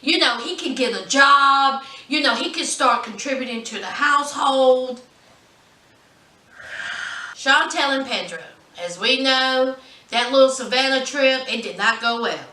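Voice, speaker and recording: A woman's voice: sits high, unhurried, sharp tone, far from the mic. A woman giving a casual recap of a reality show episode in a sassy, gossipy storytelling manner, with drawled asides. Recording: echoey room, mic set back.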